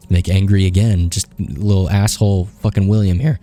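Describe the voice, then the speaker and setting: A man's voice: sits low, steady tone, a little fast, hardly any pauses, faint music behind. A man playing a story game on video, reading all the dialogue aloud and swearing at his character. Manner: reads both sides of the dialogue, swears and shouts at the character.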